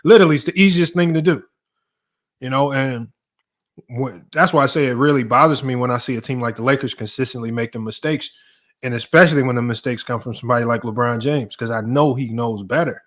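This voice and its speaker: An emphatic man breaking down basketball defense in a casual sports debate. He speaks at an ordinary middle pitch and often restarts his phrases while building a point. The tone is that of a coach explaining the game. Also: a little fast, a bit bright. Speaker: basketball coach and podcast host.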